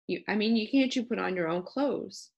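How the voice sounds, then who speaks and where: A woman's voice: mid-range voice, moderate pace, vocal fry, lo-fi sound. A woman voicing a cheerful, plain-spoken young housemaid with a broad Yorkshire accent in an audiobook. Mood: stout. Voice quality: homely dialect, stout and plain-spoken. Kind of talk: audiobook character voice.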